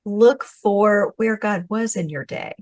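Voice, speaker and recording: A woman's voice: medium pitch, takes it slowly, a little mellow. Affirming woman hosting an interview. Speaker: podcast host. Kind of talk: interview conversation.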